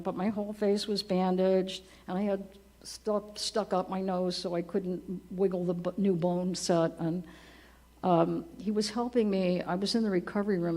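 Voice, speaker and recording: Older woman in her 70s sharing stories about her late husband at a church memorial, gentle and chatty, laughs softly. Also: lowish voice, steady tone, normal speed. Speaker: widow giving a eulogy. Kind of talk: personal storytelling at a memorial service. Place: church service.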